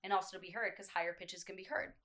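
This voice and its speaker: Woman vocal coach, bright clear tone, chatty and explanatory, podcast guest. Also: fairly low pitch, steady tone, rapid-fire. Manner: explanatory, lots of fillers. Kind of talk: casual podcast chat.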